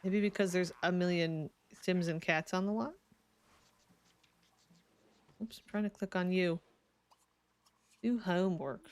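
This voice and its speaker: A woman's voice: fairly low pitch, fairly even intonation, unhurried, pauses often. A young woman streaming a life-sim game, chatting casually and giggling as she talks to her characters, sleepy and yawning. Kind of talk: casual live game commentary.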